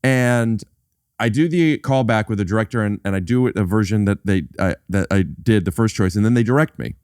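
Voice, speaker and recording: A man talking as a comedian guest on a podcast in casual chat, telling stories in an animated way and acting out the people in them. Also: fairly low pitch, a little fast, clean tone, dry recording, clean studio sound. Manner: animated storyteller, acts out the people in his stories.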